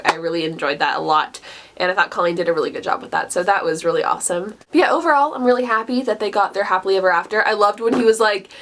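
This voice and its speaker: This woman sits on the low side but still sounds fairly bright, with a little background noise behind her. She's a book reviewer chatting casually on a vlog, gushing excitedly, filling gaps with "like," and laughing often in the middle of sentences.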